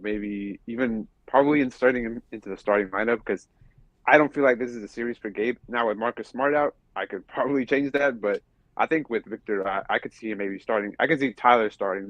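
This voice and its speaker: Low-voiced man on a dull, dry mic. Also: fairly quick, a bit bright, no room sound. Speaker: podcast co-host. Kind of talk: casual sports talk.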